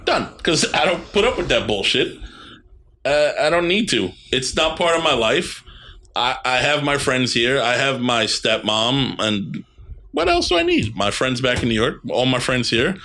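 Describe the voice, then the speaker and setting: A man's voice: medium pitch, sing-song, moderate pace, pushed and bright, slight background noise. Ranting, foul-mouthed podcast man. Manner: blunt, ranting, swears often. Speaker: podcast co-host. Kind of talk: casual profane chat.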